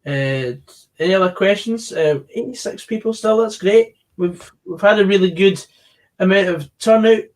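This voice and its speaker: A man's voice: high voice, moderate pace. A man hosting a live football stream, answering viewer questions in casual chat. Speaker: stream host.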